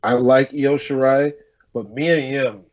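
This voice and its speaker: A man co-hosting a casual wrestling podcast, giving frank, measured opinions. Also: medium pitch, steady tone, highs cut off. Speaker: podcast co-host.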